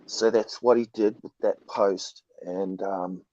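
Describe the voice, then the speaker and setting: A man with a hoarse, croaky voice from a cold, talking slowly and haltingly as a guest on a live stream. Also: on the low side, steady tone, a little mellow, dull audio. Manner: slow, halting, many ums. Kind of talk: casual live stream talk.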